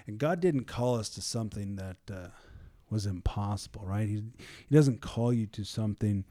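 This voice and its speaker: A man leading a casual Bible study, reading scripture slowly and acting out biblical figures in lively everyday speech. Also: fairly low pitch, no room sound. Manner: reads scripture slowly and deliberately.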